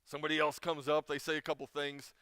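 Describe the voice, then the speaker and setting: A middle-aged man gives an informal chapel talk, relating a personal story with emotion and many restarts. Though his voice is a little high, fairly bright and clean, his delivery is flat and quick. It's a studio-quality recording with no room sound.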